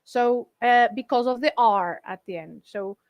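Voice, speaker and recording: A Portuguese woman with a high voice talks through language rules patiently and at an easy pace. She laughs often between points. The sound is close and dry. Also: measured pace, no room sound. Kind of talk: casual explaining on a live show.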